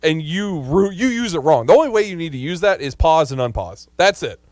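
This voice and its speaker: A man's voice: a little high, big pitch swings, a little fast, a little mellow, dry recording, clean studio sound. A man in his thirties hosting a sports radio show, chatting casually and laughing easily. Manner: upbeat, laughs easily, emotional.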